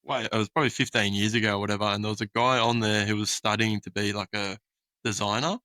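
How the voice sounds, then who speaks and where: Sweary Australian man, bright animated storyteller. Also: lowish voice, fast, no room sound. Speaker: podcast host. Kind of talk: casual chat.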